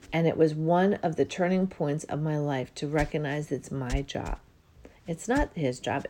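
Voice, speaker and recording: A woman's voice: fairly low pitch, dark tone, slight background noise. Earnest woman hosting a spiritual talk. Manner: earnest, reflective, with drawn-out pauses. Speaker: host and life coach. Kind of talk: spiritual self-help monologue.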